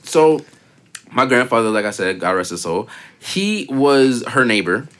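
A young man hosting a podcast, telling profane, animated stories in casual chat and slipping into quoted voices. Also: mid-range voice, a little slow. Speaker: podcast host.

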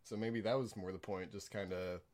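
An American man co-hosting a casual podcast, talking about films hesitantly with many pauses and restarts. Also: deep voice, fairly even intonation, a crowd in the background. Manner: hesitant, many fillers and restarts, laughs softly. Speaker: podcast co-host. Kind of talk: casual film review chat.

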